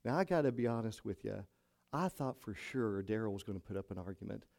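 Mellow-voiced male pastor telling a story. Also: on the low side, lively intonation, a little fast, vocal fry. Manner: retells conversations, acting out each speaker's lines. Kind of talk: sermon storytelling.

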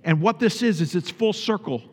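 A man's voice: high voice, normal speed, long reverb tail. A man preaching a sermon as pastor, emphatic, repeating phrases for stress and putting questions to his congregation.

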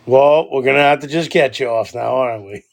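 A man, co-hosting a podcast and telling a story in casual chat, animated and swearing a lot. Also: mid-range voice, a little fast. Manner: animated, swears a lot, loudly acts out quoted arguments. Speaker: podcast co-host.

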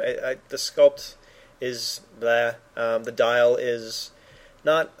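Casting: Canadian man, animated co-host, casual hobby-podcast banter. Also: mid-range voice. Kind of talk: casual chat about collectible miniatures game.

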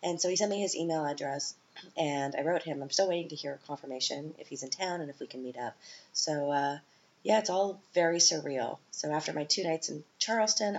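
A woman's voice: very deep voice, lo-fi sound, slight background noise. A woman in her thirties hosting a casual solo podcast, chatty and self-mocking, with frequent fillers and restarts. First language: English. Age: 30s. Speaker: podcast host.

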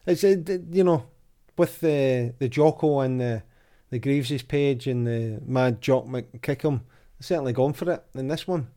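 A man hosts a relaxed football podcast, reading from an old magazine and quizzing his co-host. His voice is dark and mellow, with a chatty, easygoing delivery. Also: mid-range voice, measured pace, hardly any pauses. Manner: chatty, reads quotes aloud with lively voices. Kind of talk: casual football chat.

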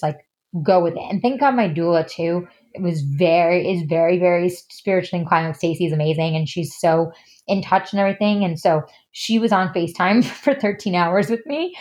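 A woman in her thirties shares a personal story as a podcast guest. Her voice sits a little low, and she talks in a loose, candid way, leaning heavily on "like" and "you know" as she goes. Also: a little mellow. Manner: chatty, heavy use of fillers like "you know" and "like".

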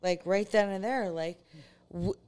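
Crude, smooth-voiced woman joking. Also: mid-range voice, unhurried, a little mellow. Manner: crude, joking, swears freely. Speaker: podcast co-host. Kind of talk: casual chat.

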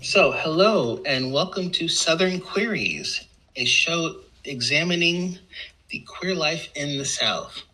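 Bright, husky-voiced podcast interviewer. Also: mid-range voice, animated, takes it slowly, soft background music, poor audio. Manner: friendly, teasing, laughs between phrases. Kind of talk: casual interview.

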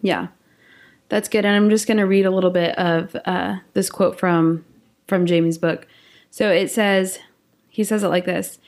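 Brief: upbeat woman co-host, slightly low voice, chatty faith podcast. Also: steady tone, unhurried, darkish tone. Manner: enthusiastic, affirming. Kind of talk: casual faith discussion.

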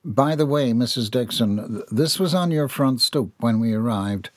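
A man's voice: mid-range voice, expressive, normal speed, dry recording, clean studio sound, close to an everyday voice. A man as a curt, stiff barrister. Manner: curt, disapproving. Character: stiff, pompous older male barrister.

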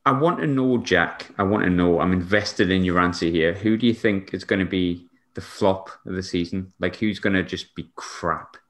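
Low-voiced podcast host, teasing questioner. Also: male voice, moderate pace, few pauses. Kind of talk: casual podcast chat.

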